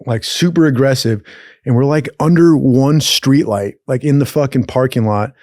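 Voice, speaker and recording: A man's voice: mid-range voice, fairly quick, no echo. Profane storytelling young man, dry close mic. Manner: profane, animated, acts out other people's lines. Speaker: podcast host. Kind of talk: casual storytelling.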